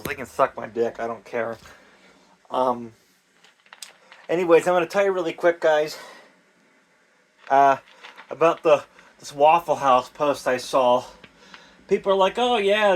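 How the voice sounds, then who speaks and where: Young dude rambling and cussing outside in the cold, kinda high voice, casual vlog. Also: male voice. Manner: crude, profane, rambling. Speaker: DIY vlogger. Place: outdoors in the cold.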